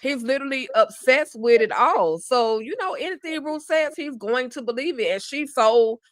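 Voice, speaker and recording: A woman's voice: high-pitched, animated, normal speed, no room sound. A woman co-hosting a casual TV recap chat, giving frank, sassy commentary. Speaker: co-host.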